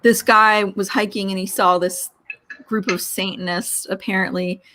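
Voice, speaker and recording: A woman from Philadelphia, a guest on a casual chat show, telling animated anecdotes full of quoted dialogue. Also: medium pitch, moderate pace, a little hiss or hum.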